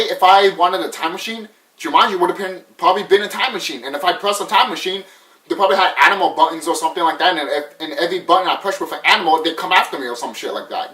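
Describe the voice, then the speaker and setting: A man's voice: high voice, a bit bright, far from the mic. Rambling young man in an echoey room. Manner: rambling, profane, full of fillers and restarts. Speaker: movie reviewer. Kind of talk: casual spoken review.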